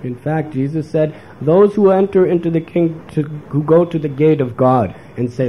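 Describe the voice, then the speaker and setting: A man's voice: a little high, normal speed, hardly any pauses, muffled recording. A man giving a spiritual lecture, delivering it as a sermon and acting out the voices of the people he quotes. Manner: animated, acts out quoted voices. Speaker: spiritual teacher. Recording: faint background noise.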